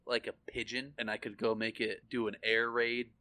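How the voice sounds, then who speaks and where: A man's voice: on the low side, flat delivery, moderate pace, pushed and bright. A man co-hosting a podcast in casual chat, joking and slipping into silly voices. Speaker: podcast co-host.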